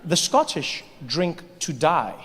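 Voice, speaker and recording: High-voiced man doing stand-up in a big hall. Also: slow pace, noisy background. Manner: animated storytelling, acting out voices. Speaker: stand-up comedian. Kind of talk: stand-up comedy. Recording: live hall with reverb, faint ambience.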